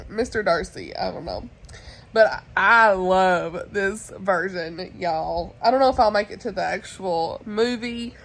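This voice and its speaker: A woman's voice: mid-range voice, fairly bright tone, rough recording. A woman chatting casually as a book vlogger, giggly and talkative. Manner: chatty, giggly, often says y'all. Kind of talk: casual chat.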